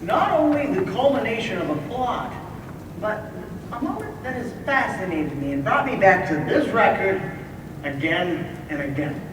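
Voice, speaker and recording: A man's voice: high-pitched, sing-song. A man playing a wistful musical fan, echoey hall. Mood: musing. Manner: chatty, halting asides. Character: wistful male musical fan narrating from his chair. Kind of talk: stage musical performance. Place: school auditorium stage. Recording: echoey hall from far off, noisy.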